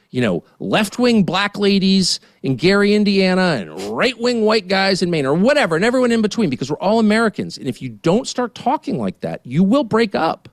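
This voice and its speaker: A man in his fifties giving a heated, indignant political rant as a studio guest, swinging between muttered asides and near-shouts. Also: high-pitched, no room sound. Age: 50s. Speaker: guest commentator.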